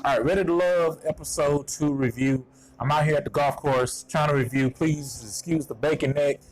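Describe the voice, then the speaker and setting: A man's voice: a little high, moderate pace, noisy background. Chatty Texan man reviewing outdoors. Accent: Southern US, Texas. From Houston, Texas. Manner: chatty, self-deprecating, hype-driven. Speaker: TV show reviewer. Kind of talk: casual video review. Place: outdoors at a golf course. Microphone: clip-on mic on shirt.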